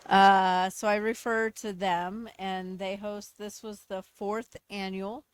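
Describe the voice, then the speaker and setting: A woman's voice: mid-range voice, little pitch movement, slow pace, smooth, no room sound. Chatty woman dentist recounting an event. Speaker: dentist, guest. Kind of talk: casual podcast chat.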